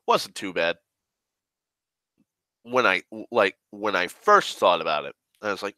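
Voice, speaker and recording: A man's voice: low-pitched, very animated, measured pace, pauses often, bright, forceful tone, dry recording. A sick young man who coughs now and then, rambling in a profane, grumbling, sarcastic rant. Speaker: online rambler.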